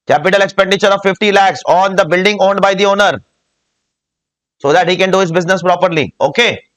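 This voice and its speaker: A man's voice: sits high, fairly bright tone. A man with an Indian English accent giving a classroom tax lecture, often quizzing the class and repeating key points. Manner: asks the class frequent check questions.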